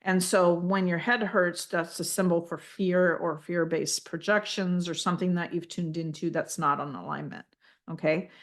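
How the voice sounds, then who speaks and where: A woman leading a guided healing session, speaking gently and reassuringly, calling the listener honey and checking in with "okay?" often. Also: fairly low pitch, steady tone, moderate pace. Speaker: spiritual energy healer.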